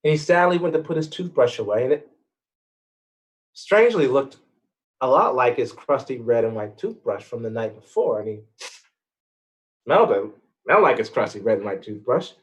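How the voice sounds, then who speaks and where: A man telling a folk-style story with expressive, dramatic pacing. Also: mid-range voice, normal speed, long pauses. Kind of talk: storytelling performance.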